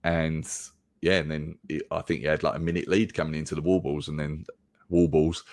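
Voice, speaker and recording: An English man with a deep voice, chatting casually as a podcast guest, rambling with frequent restarts. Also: fairly quick, dry recording. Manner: relaxed, rambling casual chat with many restarts. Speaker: podcast guest and race commentator.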